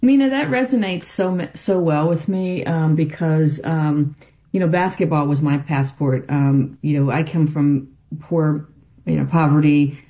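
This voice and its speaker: Gravelly-voiced woman radio guest. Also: low-pitched, measured pace, mellow, lo-fi sound. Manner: earnest, many ums and you-knows. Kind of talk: radio interview.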